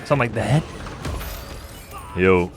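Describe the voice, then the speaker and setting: A man's voice: fairly low pitch, animated, unhurried, vocal fry. A young man casually rambling through commentary while playing a video game. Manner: rambling, chatty asides. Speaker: game streamer. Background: game music.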